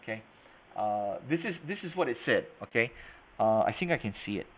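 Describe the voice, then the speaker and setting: A man's voice: on the low side, animated, brisk, a little hiss or hum. A man teaching sales in an online webinar, hesitant with many fillers, then stressing his points. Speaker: sales trainer. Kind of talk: webinar lesson. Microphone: video call. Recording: tinny phone-like line.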